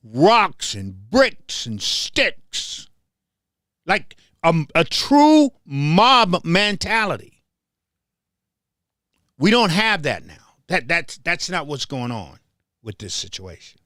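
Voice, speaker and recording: A man hosts his own show in a loose commentary monologue, circling back over his phrases for emphasis. His voice sits a little high and swings widely in pitch. He talks at an unhurried pace in a dry, close-sounding recording. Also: huge pitch swings, bright, forceful tone, no room sound. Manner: repetitive, restarts phrases, emphatic. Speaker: show host.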